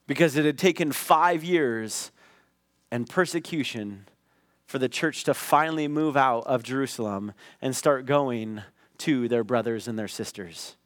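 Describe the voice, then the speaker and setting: A middle-aged man preaching a sermon, telling a personal story in a conversational way that rises into loud acted outbursts. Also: medium pitch, no room sound, studio quality. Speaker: pastor.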